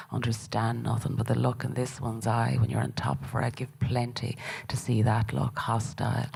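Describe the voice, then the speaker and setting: A woman's voice: extremely low pitch, gravelly, darkish tone, slightly rough, exaggerated voice, low-quality recording. A woman reading the part of a brutal, lustful middle-aged warrior king who talks coarsely and schemes.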